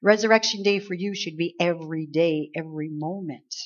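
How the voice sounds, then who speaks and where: Lady preacher, chatty and animated, kinda muffled lo-fi sound. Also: fairly low pitch, fairly quick. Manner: conversational, animated, acts out angels' lines. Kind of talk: Easter sermon. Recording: slightly dull lo-fi sound.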